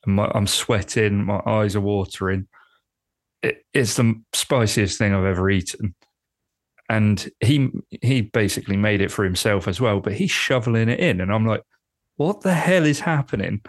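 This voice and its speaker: A man's voice: lowish voice, moderate pace, no echo. An English man co-hosting a podcast, telling stories in a casual, laughing way and often repeating words as he builds up. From England. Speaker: podcast co-host. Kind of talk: casual chat.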